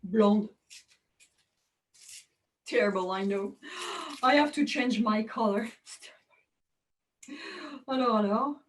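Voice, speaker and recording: A woman's voice: medium pitch, slow pace, long pauses, distant mic, slight background noise, rough recording. A woman from France with a French accent, doing chatty, self-mocking magic show patter over a video call.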